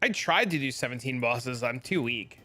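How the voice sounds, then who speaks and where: A man's voice: mid-range voice, expressive, normal speed, sharp tone. A man streaming a game and chatting casually, telling stories and mimicking his chat in repeated, raised voices.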